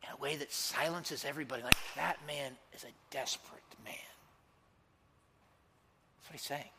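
A man preaching a sermon in a church, conversational and emphatic, swinging from shouts down to hushed near-whispers. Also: medium pitch, moderate pace, background noise. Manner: conversational, with repeated "like" and audience prompts. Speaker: pastor.

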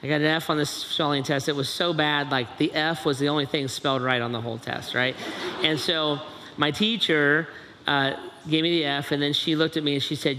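A man's voice: mid-range voice, bright, forceful tone. Earnest man telling a story in a hall. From Dayton, Ohio, USA. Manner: earnest, conversational, frequent "right?" asides. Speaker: speaker. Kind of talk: personal storytelling talk. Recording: echoey large hall, faint ambient noise.

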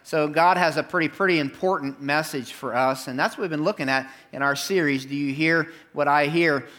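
A middle-aged man preaching a sermon to his congregation in a church, telling a story with lively, animated delivery. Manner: animated storytelling, jumps up in pitch for quoted lines. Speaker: pastor. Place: church sanctuary.

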